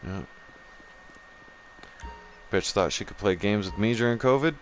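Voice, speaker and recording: A man's voice: lowish voice, a little slow, soft background music. A man hosting a gaming channel, ranting profanely in casual chat and talking straight to his viewers. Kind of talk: casual rant while streaming a game.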